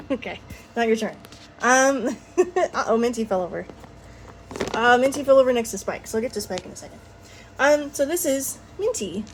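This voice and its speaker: A woman's voice: a little high, slight background noise. A woman chatting casually through her toy collection, rambling with frequent ums and little laughs. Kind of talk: casual show-and-tell chat.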